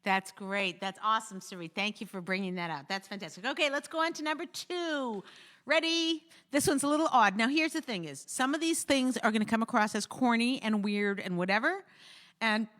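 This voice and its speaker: A woman hosting a talk show, giving casual marriage advice in an animated way and acting out quoted voices. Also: on the high side, fairly quick. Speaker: host.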